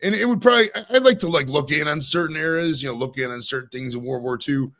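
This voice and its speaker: Man, forties, podcast host, rambling, cursing, laughing, quick, bright tone. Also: fairly high pitch. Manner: rambling, swears freely, laughs often. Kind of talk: casual interview chat.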